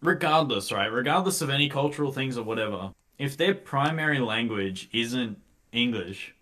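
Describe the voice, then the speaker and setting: A man's voice: mid-range voice, expressive, normal speed, pushed and bright. A young man co-hosting a livestream in casual chat, mostly giving brief replies. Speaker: livestream co-host.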